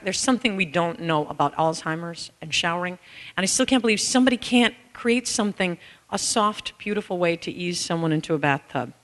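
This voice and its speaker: A woman giving a candid, animated conference talk to an audience, telling personal stories and breaking into bits of song. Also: lowish voice. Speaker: author and caregiver speaking to an audience. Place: large hall with an audience. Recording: reverberant hall.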